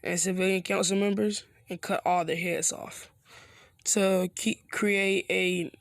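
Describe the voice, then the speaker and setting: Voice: medium pitch, little pitch movement, measured pace, creaky, no echo, clean studio sound. Kurama, a narrator putting on a plotting fox spirit. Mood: scheming. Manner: casual, loose slang delivery. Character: male fox spirit sealed in a boy, scheming.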